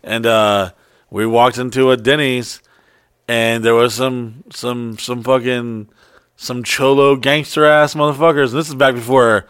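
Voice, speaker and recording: A man's voice: medium pitch, steady tone, unhurried, a bit bright, clean tone, no room sound, clean studio sound. A man telling a story in a casual, profane chat, rambling and stopping to restart often.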